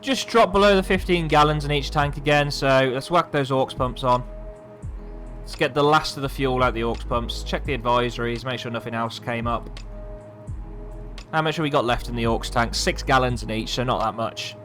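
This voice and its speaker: A man's voice: mid-range voice, normal speed, fairly bright tone, soft background music. A man, an airline pilot chatting casually as he streams a flight simulator, thinking aloud and poking fun at himself. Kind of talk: casual live-stream commentary.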